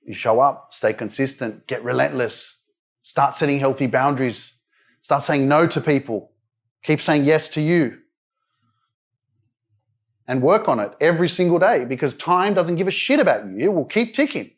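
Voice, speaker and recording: A man's voice: medium pitch, animated, normal speed. A man in his thirties giving a blunt, emphatic live motivational speech at a wellness centre event, swearing freely as he pushes his audience. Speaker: motivational speaker.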